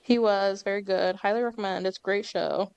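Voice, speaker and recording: A woman's voice: medium pitch, steady tone, darkish tone, smooth, no echo, dull audio. Young woman, casual podcast co-host, rambling chatty delivery. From Colorado, US. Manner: chatty, rambling, quick asides with laughs. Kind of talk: casual chat.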